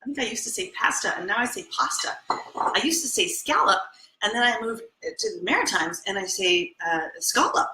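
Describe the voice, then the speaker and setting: Bubbly, bright-voiced woman cooking host. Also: mid-range voice, a little fast, roomy sound, rough recording. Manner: bubbly, chatty, excitable. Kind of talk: live cooking demonstration. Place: home kitchen.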